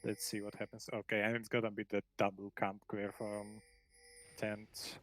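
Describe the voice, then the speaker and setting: A man with a lowish voice doing color commentary on a live esports match. He talks in a relaxed, casual way and breaks down the plays as they happen. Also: a little fast, a little hiss or hum, rough recording. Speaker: esports co-caster.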